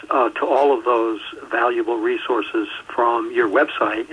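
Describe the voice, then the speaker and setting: A man hosting a radio interview, asking questions in a measured way and slowly spelling out details for listeners. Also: medium pitch, slightly rough. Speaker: radio show host. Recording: muffled radio show audio.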